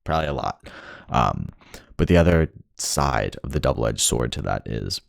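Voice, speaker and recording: Gravelly, very deep-voiced young man ranting. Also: expressive, moderate pace, no echo, studio quality. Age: young adult. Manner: frustrated, profane, rambling. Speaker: vlogger. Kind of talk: ranting monologue.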